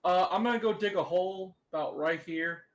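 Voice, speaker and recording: A laid-back man describes his moves in a tabletop game, slangy and unhurried. His voice is a bit higher than most men's. A faint hiss sits behind him. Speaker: player. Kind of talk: casual tabletop play over voice chat.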